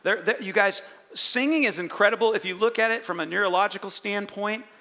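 A man preaching a sermon in an animated way, swinging between loud and soft. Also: high voice, fairly quick. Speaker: pastor. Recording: long hall reverb.

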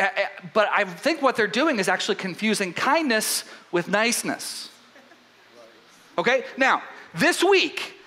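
A man preaching a sermon as pastor, telling a story in an animated way with frequent restarts. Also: high-pitched.

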